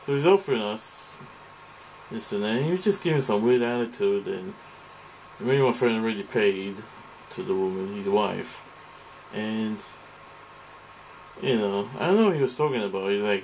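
A man's voice: lowish voice, expressive, moderate pace, darkish tone, a little hiss or hum, rough recording. Rambling, profane man ranting. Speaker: vlogger. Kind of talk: ranting monologue to camera.

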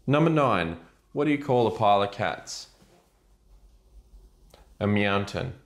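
Slow, low-voiced dad. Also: male voice, lively intonation. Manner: self-deprecating, groaning at his own jokes. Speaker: father telling dad jokes. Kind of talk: deadpan joke telling.

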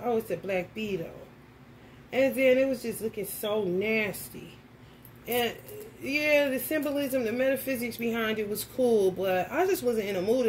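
A woman tarot reader telling a story in a casual vlog, animated and profane, often laughing. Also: on the high side, slight background noise.

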